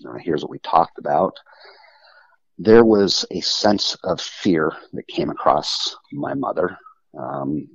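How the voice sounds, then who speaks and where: A man calling in to a podcast, telling his personal story in a halting, earnest way with frequent restarts. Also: rumbling low, vocal fry, husky, dry recording, highs cut off. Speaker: guest caller. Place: home phone call.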